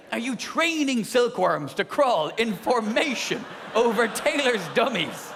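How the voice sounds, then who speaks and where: A man's voice: very high voice, big pitch swings, a little slow, vocal fry, hardly any pauses, a bit bright, slight background noise. A man performing live stand-up comedy on a theatre stage, ranting animatedly and swearing freely into a stage mic. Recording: long theatre hall reverb.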